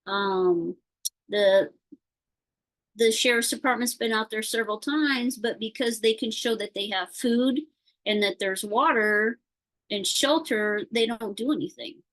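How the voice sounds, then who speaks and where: A woman talks slowly and a little high over a video call connection. Her speech wanders and stalls on fillers and restarts as she tells her story in casual chat. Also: fairly bright tone, rough recording. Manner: rambling, halting, with many fillers. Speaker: participant sharing a concern.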